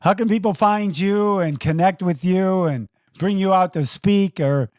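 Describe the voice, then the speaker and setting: A man's voice: high-pitched, a little slow, darkish tone, dry recording, studio quality. A man hosting a podcast interview, asking his questions in a conversational, leisurely manner. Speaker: podcast host.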